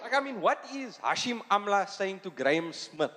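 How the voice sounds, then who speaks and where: A man with a South African Indian accent doing a stand-up comedy set on a theatre stage, acting out characters in quick put-on voices. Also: sits high, sing-song, very noisy. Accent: South African Indian English. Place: theatre stage before a live audience. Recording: live hall recording with loud audience ambience.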